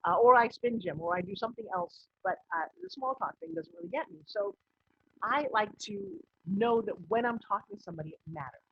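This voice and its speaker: A woman business coach giving a recorded online course lesson in a lively, conversational way, acting out bits of dialogue. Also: medium pitch, a little fast, slight background noise. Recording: slightly muffled lo-fi audio.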